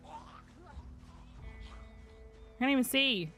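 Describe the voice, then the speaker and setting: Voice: medium pitch, expressive, moderate pace, fairly bright tone, faint music behind. A streamer from the UK giving wry, muttering running commentary while playing a game. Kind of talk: casual gameplay commentary.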